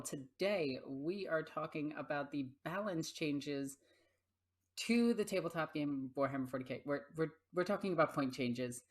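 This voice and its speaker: A woman's voice: deep voice, normal speed. Blunt, profane woman gaming host. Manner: blunt and profane, talks baby talk to her cat. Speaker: YouTube host. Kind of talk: casual gaming commentary.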